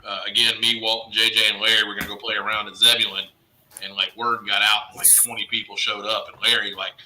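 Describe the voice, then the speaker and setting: A man's voice: on the low side, level tone, fast talker, sharp tone, slight background noise. A man joining a casual conversation, amused and telling his own story. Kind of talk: casual chat. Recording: roomy echo.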